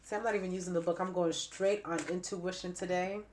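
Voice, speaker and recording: Woman tarot reader, low-pitched voice, stuffy and raspy from a cold, emphatic and repetitive. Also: steady tone, fairly quick, darkish tone, slight background noise. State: stuffy nose and raspy throat. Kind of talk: spiritual reading to camera.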